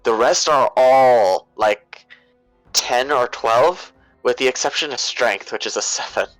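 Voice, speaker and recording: A man's voice: mid-range voice, measured pace, dry recording, faint music behind, poor audio. A man chatting casually as a player after a tabletop game, joking around. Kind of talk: casual chat.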